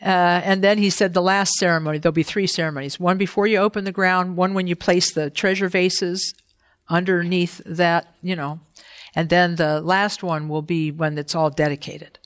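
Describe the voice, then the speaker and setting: An older woman giving a casual dharma talk as teacher, chatty and animated with many hesitations. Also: fairly low pitch, moderate pace, smooth.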